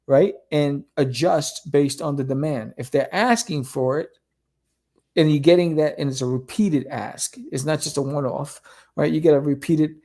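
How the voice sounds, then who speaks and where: Male comic creator on a casual podcast, animated and persuasive, slightly higher voice. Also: moderate pace. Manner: animated, keeps asking "right?".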